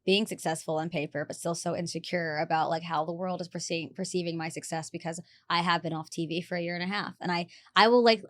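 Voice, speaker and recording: A woman co-hosting a podcast chats casually and tells stories, laughing a lot. She's a giggly, animated storyteller with a lowish voice, talking fast with hardly any pauses.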